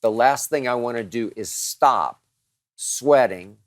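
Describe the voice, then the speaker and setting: A man's voice: mid-range voice, a little slow, no room sound, clean studio sound. A man hosting a show, answering listener questions in a dramatic, emphatic monologue that piles up strong words.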